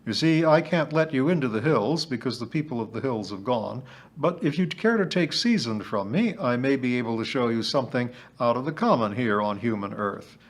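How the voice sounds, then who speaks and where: A man's voice: medium pitch, expressive, a little fast, natural voice. A man voicing a merry, boastful ancient male hill sprite in a storybook reading, hearty and emphatic. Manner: hearty, emphatic, sing-song when chanting.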